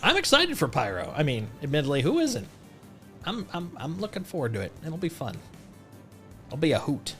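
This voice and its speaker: A man's voice: on the high side, wildly swooping pitch, moderate pace, fairly bright tone, faint music behind. A man streaming a game live, chatting in a rambling, playful way with lots of jokes and self-restarts. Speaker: livestreamer. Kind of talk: casual gameplay commentary.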